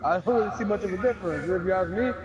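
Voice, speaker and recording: A man with a high voice chats in a laid-back way. He chimes in with easy agreement and laughter. Loud crowd noise fills the background. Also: very fast, highs cut off. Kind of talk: casual chat.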